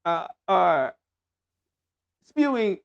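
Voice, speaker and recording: A man doing a halting, pompous politician. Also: sits high, big pitch swings, vocal fry, highs cut off, heavily acted. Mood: mock-solemn. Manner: slow, halting mock delivery. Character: pompous male politician giving a solemn speech.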